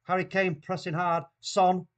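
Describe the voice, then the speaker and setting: Excitable Mancunian man hosting a watchalong. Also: high-pitched, measured pace. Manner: excitable, reacts loudly to play. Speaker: watchalong host. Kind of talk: live football watchalong commentary.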